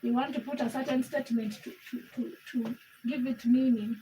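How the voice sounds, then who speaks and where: A woman's voice: on the high side, steady tone, fairly quick, heavy background noise. A woman hosting a casual livestream from her home kitchen, reading viewer comments and teasing her chat while she cooks. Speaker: livestream host.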